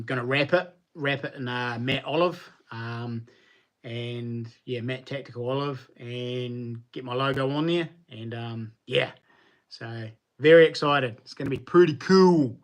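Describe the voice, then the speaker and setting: A relaxed New Zealand man chats on a livestream, answering viewers in loose, colloquial talk. His voice sits at a middling pitch, and the delivery is easygoing and full of fillers. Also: unhurried. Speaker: knife maker hosting a livestream.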